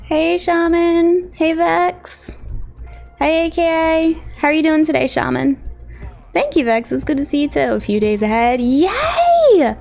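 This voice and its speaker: A woman streaming live, chatting casually and greeting her viewers one by one, with bursts of excitement. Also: sits high, unhurried, vocal fry, faint music behind.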